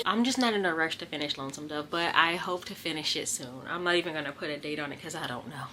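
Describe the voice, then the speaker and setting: A woman chats to her viewers in a casual book vlog, addressing them directly. Her voice sits on the low side but has a bright, forceful edge. A faint ambient noise runs underneath. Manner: chatty, talks straight to viewers. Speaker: book vlogger.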